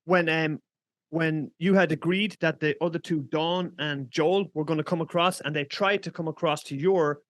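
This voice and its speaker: An Irish man hosting a podcast, recapping events in an excitable way, swearing freely. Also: a little high, moderate pace, no echo, studio quality. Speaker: podcast host. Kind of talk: casual podcast chat.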